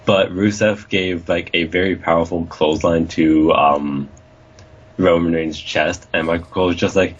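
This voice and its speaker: A young man co-hosts a casual wrestling review podcast, rambling and joking with plenty of swearing. His voice is low and husky, with fairly even intonation at a moderate pace, on a dull lo-fi recording.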